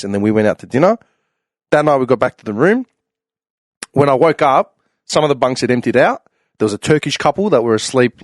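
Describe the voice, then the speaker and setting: Fast-talking man telling a rambling story. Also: mid-range voice, no echo, clean studio sound. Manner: rambling, animated storyteller full of fillers. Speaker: podcast panelist. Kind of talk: casual storytelling chat.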